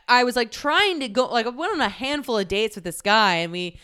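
A young woman hosting a podcast, chatting candidly about her own life in a lively, laughing way with casual swearing. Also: fairly high pitch, a little fast, clear, resonant tone. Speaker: podcast host. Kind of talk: candid personal storytelling.

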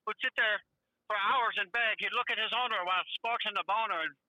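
Man doing a centuries-old Irish caller, put-on Irish accent, high bright voice, fast rambling talk, tinny phone line. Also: fairly even intonation, no room sound. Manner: rambling, reminiscing, bawdy.

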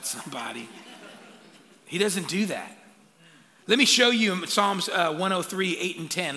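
A man preaching in a large hall, his voice high and gravelly, with a bright, forceful edge. He is an animated pastor who calls out to the crowd and drops playful asides. His words ring with a long hall echo. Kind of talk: sermon.

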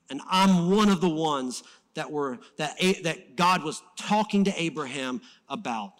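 A pastor preaching a sermon in a church, fired up and swinging between loud emphasis and soft-spoken moments. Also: male voice, fairly high pitch, animated, measured pace.

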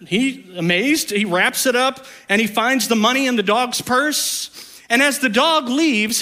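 Bright, high-voiced male preacher. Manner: conversational, joking, slows down to read scripture. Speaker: pastor. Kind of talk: sermon.

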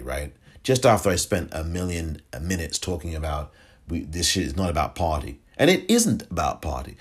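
Deep, husky-voiced man ranting emphatically. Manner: emphatic, indignant, repeats points for force. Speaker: podcast host. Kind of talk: opinionated political commentary.

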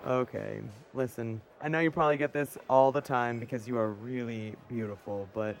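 A man acting in a comedy sketch, eager, flattering and awkward. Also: mid-range voice, moderate pace, few pauses, a little hiss or hum. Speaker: sketch actor.

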